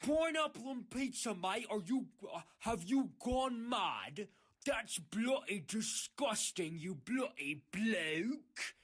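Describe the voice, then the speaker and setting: A man's voice: high-pitched, animated, fairly bright tone, voice pushed up, exaggerated voice. A man putting on a snooty British scold. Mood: mock outrage. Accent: put-on British. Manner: mocking, drawn-out, indignant.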